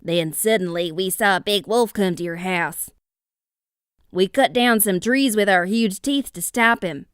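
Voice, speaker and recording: A woman's voice: mid-range voice, unhurried, clear, resonant tone, dry recording, studio quality, natural voice. A woman voicing a big, worried male beaver telling what happened. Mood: urgent. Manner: loud, urgent storytelling.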